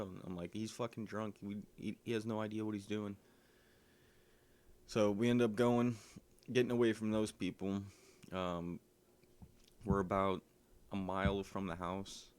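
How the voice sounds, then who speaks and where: Man, casual storyteller, low monotone voice, lots of filler words. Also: normal speed, smooth. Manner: rambling with frequent ums and likes. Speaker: vlogger telling a personal story.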